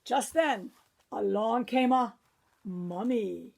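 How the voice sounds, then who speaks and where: A woman's voice: high voice, animated, slow, creaky. A woman librarian reading a picture book aloud to children, breaking off for chatty asides to her young listeners.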